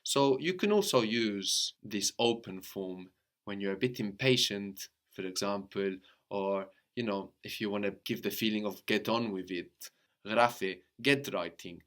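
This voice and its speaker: A male language teacher, his voice fairly low yet bright in tone, leads an animated guided lesson. He patiently keeps asking his student questions and often checks in with a quick "no?" after a point.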